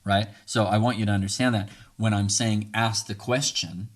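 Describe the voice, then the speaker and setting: A man's voice: fairly low pitch, steady tone, moderate pace. A man hosting a podcast, talking casually and earnestly as he coaches listeners, often checking in with "right?" and chuckling lightly between points. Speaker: podcast host. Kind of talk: conversational podcast monologue.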